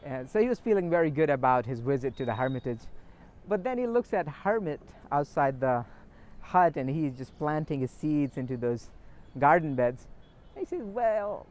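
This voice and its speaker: Male spiritual teacher, storytelling, gentle, unhurried, slightly high voice. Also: animated. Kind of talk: storytelling talk.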